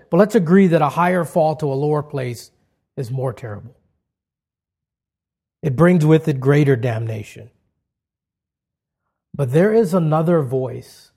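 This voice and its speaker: Male pastor, slightly high voice, sermon delivery with strong swells and hushed drops. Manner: builds to loud, high emphatic peaks, then drops to hushed, slow lines.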